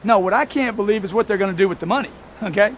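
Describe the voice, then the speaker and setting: A man's voice: sits high, rapid-fire, a little hiss or hum. A man giving a motivational talk, emphatic and repetitive, speaking straight to his listeners as folks.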